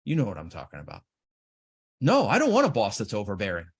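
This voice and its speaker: A man giving an animated seminar talk on trading, acting out the inner voices of traders. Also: on the low side, fast, breathy edge. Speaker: trading educator.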